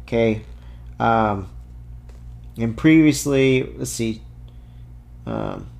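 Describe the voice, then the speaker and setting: A man's voice: mid-range voice, huge pitch swings, extremely slow, vocal fry, a little mellow. A man giving an informal apologetics talk. He reads scripture passages aloud and breaks off with casual asides and fillers. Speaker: Christian apologist.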